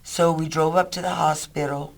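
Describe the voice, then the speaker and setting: A man's voice: on the high side, moderate pace, vocal fry. A man telling a rescue story in an interview. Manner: lively storyteller. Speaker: volunteer rescuer.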